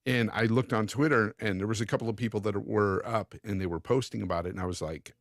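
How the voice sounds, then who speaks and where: A man's voice: fairly low pitch, steady tone, fast, few pauses, no echo, clean studio sound. A man co-hosting a casual gaming podcast, rambling and repeating himself, with a casual swear now and then. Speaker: podcast co-host.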